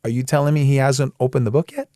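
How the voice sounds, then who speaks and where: Male Bible teacher, mid-pitched, emphatic and plain-spoken, dry close sound. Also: fast talker, no echo. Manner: emphatic, plain-spoken, animated when making a point. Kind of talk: conversational Bible study teaching.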